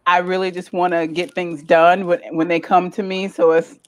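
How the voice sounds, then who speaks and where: Woman guest, lower register, lively storyteller, casual chat. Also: moderate pace. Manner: animated, laughs often, chatty storyteller. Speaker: guest, lifestyle content creator.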